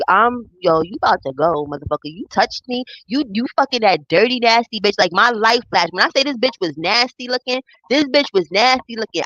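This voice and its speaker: A young woman tells a profane personal story in a casual storytime vlog, animatedly acting out the voices of the people involved. Her voice is medium-pitched, and the audio is dull with no room sound.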